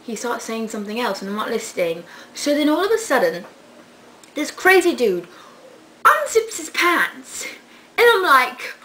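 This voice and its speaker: A woman's voice: mid-range voice, bright, forceful tone, a little hiss or hum, low-quality recording. A young woman vlogging at home, telling a story in a sarcastic, casual way with plenty of swearing, recorded on a webcam.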